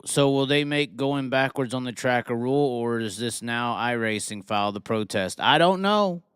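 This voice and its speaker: A man's voice: medium pitch, moderate pace, fairly bright tone, clean tone, no room sound, studio quality. A man hosting a casual live reaction show, talking in a rambling way with many restarts and stammers. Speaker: host.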